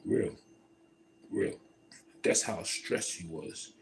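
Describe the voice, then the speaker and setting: A man in a casual livestream monologue, telling a story in a profane, emphatic and rambling way. He swings between loud outbursts and low mutters. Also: extremely slow, a little hiss or hum, low-quality recording. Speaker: livestream host.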